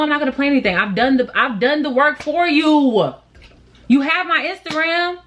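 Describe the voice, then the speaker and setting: A young woman vlogger venting in an animated, sassy, exasperated way, chatting casually while doing her makeup. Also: a little high, slight background noise. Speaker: beauty vlogger.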